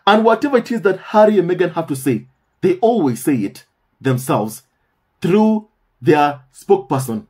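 Husky emphatic man with lively pitch. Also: moderate pace. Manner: emphatic, repeats phrases for stress; addresses viewers as "my family". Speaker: commentary channel host. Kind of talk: casual monologue commentary.

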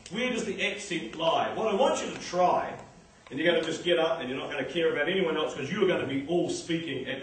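An exuberant male presenter teaching a group, leaning hard on single words and swinging from quiet asides to loud bursts. His voice sits a little high for a man. It sounds very echoey, picked up from across a hall with a faint hiss behind it. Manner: exuberant, emphatic, varies stress and loudness. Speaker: workshop presenter. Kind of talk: live teaching workshop. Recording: echoey room from far off, faint noise.

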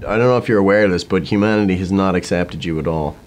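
A man being interviewed as an actor, rambling in a mock-earnest, deadpan way. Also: low voice, fast talker, a little hiss or hum. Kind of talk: joking interview.

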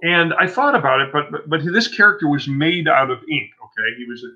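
Bright-voiced older man rambling through anecdotes. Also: fairly high pitch, brisk. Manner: rambling, self-interrupting, animated anecdotes. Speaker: comic book artist guest. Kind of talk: casual interview storytelling. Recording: dull lo-fi sound.

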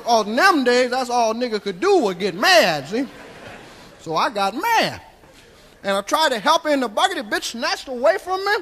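A man playing a high, drawling old Southern storyteller. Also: very animated, normal speed, sharp tone, heavily acted. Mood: rambling. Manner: drawling, folksy, keeps tagging lines with "see?". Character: crude rambling old Southern male storyteller. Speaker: stand-up comedian. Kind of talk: live stand-up character monologue. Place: live comedy club stage.

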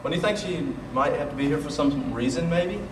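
A teenage boy in a school comedy sketch, talking quickly in a musing, plotting way. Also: a little high, animated. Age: teens. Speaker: student sketch actor. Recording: echoey room, distant mic, noise.

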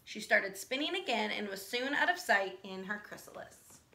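A woman teacher reading a children's picture book aloud, animated and asking her listeners questions. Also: mid-range voice, moderate pace. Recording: echoey room.

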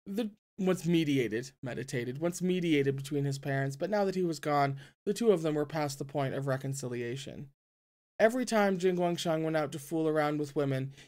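A reader narrating a novel aloud at a middling pitch, in a relaxed, unpolished way. Words are often fumbled and corrected on the fly. Casual asides break into the reading. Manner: stumbles over words and corrects them, groans at the text.

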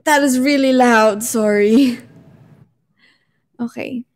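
A woman's voice: a little high, takes it slowly, loud music behind the voice. A woman with a Filipino accent hosting a casual livestream, bubbly and giggly as she chats with viewers. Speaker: livestream host.

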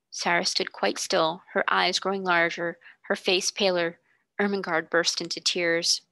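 A woman tutor reading a classic novel aloud in a steady, expressive way. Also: on the low side, unhurried, gravelly, no echo.

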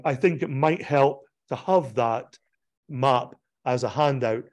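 Conversational pastor lecturing with a map. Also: male voice, mid-range voice, a little mellow. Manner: conversational, digressive lecturing with frequent fillers and restarts. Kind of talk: illustrated talk on pilgrimage. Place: church hall presentation.

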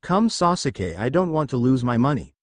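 A man's voice: mid-range voice, sing-song, moderate pace, no echo. A man doing a sheepish ninja teacher. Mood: flustered. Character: lazy adult male ninja teacher, evasive.

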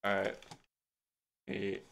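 A man's voice: very slow, a bit bright. A man directing a casual voice recording session, giving easygoing instructions. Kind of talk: casual chat.

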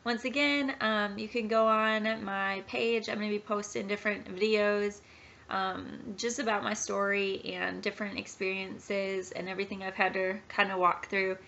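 A woman's voice: medium pitch, level tone, moderate pace, gravelly, pushed and bright, slight background noise. A woman in her thirties giving an earnest, heartfelt personal testimony in a home vlog. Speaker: Christian sharing her testimony. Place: home nursery. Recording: dull lo-fi recording.

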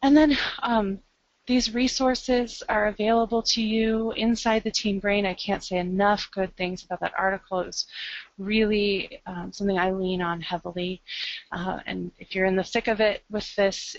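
Gravelly-voiced Midwestern woman presenting. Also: medium pitch, little pitch movement, normal speed, no echo. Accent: American Midwest. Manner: upbeat, conversational, with frequent ums. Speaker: librarian and webinar presenter. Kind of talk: webinar presentation. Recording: dull lo-fi online call audio.

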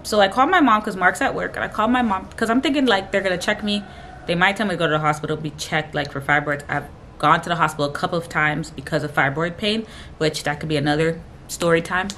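A young woman vlogger chatting casually through a personal story, rambling with filler sounds and acting out other people's lines in a higher voice. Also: quick pace, fairly bright tone, slight background noise. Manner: chatty and rambling, fills gaps with "da, da, da" and "blah, blah"; emotional retelling. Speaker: vlogger telling her own story.

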